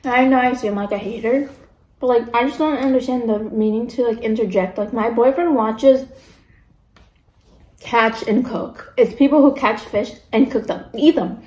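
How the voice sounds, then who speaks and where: A woman's voice: fairly high pitch, moderate pace, a little mellow, reverberant, rough recording. A young woman vlogging casually while eating, ranting about pet peeves with lots of fillers. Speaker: mukbang vlogger.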